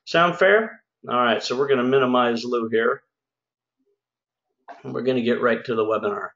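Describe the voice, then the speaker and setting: A man's voice: medium pitch, little pitch movement, a little fast, fairly bright tone. A man who runs a home services business, hosting a casual sales webinar in an upbeat, folksy, chatty way. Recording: echoey room, slightly dull sound.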